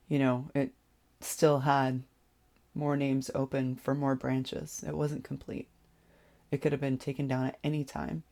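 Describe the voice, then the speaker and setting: A vlogger telling a personal story in a hesitant way, with many pauses and restarts. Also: mid-range voice, creaky, a little mellow.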